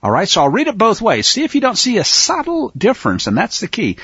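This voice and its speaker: A man teaches a sermon, drawing out each verse with strong stress and slipping into relaxed asides between lines. His voice sits a bit high and moves a lot in pitch. The recording is dull and lo-fi. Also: slightly rough, no room sound. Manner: reads verses slowly with heavy emphasis, asides in between. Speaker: Bible teacher. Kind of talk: teaching sermon reading scripture aloud.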